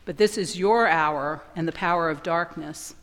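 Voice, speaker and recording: Jesus, a grave and calm man, as read by a woman. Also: on the low side, normal speed, long reverb tail, close to an everyday voice. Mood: solemn. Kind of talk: liturgical reading of a speaking part.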